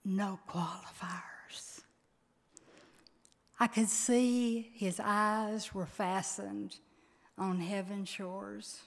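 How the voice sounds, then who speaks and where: Slow, emphatic woman preaching in a hall. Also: medium pitch, flat delivery, gravelly. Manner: emotive, slow and emphatic with sudden loud peaks. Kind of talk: sermon. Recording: long reverb of a large hall.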